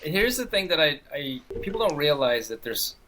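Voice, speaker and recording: A man's voice: on the high side, sing-song, normal speed, pushed and bright, slight background noise. A man taking part as a podcast guest over a video call, joking in an easygoing way and laughing between remarks. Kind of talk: casual chat.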